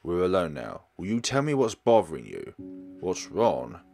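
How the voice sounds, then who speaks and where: A calm, caring young companion in a horror game, read by a man. He talks gently and earnestly in a very deep voice, with faint music in the background. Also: normal speed, gravelly, heavily acted.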